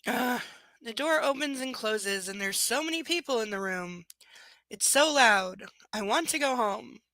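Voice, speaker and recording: A woman's voice: a little high, expressive, normal speed, pushed and bright, no room sound. A young woman reading a romance novel aloud live, breaking off for sarcastic, profane commentary. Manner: snarky, profane commentary between passages. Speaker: book reader.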